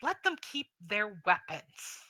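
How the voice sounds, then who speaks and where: A woman voicing a stern older dwarf king speaking in a measured, commanding way. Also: mid-range voice, big pitch swings, bright, forceful tone, no echo, heavily acted.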